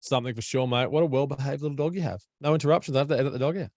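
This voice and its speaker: Fast-talking Australian man hosting a podcast. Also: medium pitch, darkish tone, no echo, clean studio sound. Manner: chatty, blunt, matey. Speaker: podcast host. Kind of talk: casual podcast chat. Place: at home. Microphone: online call.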